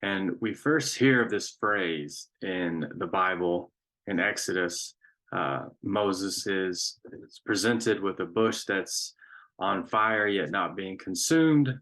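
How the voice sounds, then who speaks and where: Man, lowish voice, spiritual talk, slow and pausing, reflective. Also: a bit bright. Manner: slow, pausing, with frequent fillers. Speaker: spiritual teacher.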